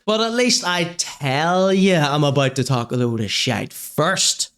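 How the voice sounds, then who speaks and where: A man's voice: fairly high pitch, a little slow, fairly bright tone. A man hosting a comedy podcast, mocking and sarcastic as he reacts to clips. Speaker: podcast host.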